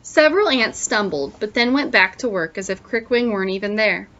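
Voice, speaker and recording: A teacher, female and medium-pitched, brings a picture book to life for kids, breaking off to ask them questions. The recording is lo-fi and dull, carrying a slight hiss or hum.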